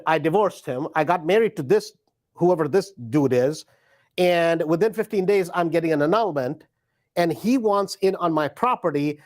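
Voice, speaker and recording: A middle-aged man, a real estate investor, telling a story in a live stream and animatedly acting out both sides of a conversation. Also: high-pitched.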